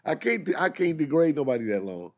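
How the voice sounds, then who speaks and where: A man's voice: a little high, very animated, fairly quick. A man, a comedian, telling a story in casual chat and voicing the people in it. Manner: laid-back, drops into loud impressions.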